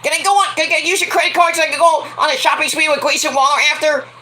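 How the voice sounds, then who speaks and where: Guy doing a whiny spoiled girl voice, super high squeaky falsetto, begging daddy. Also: fairly even intonation, quick pace, sharp tone, heavily acted.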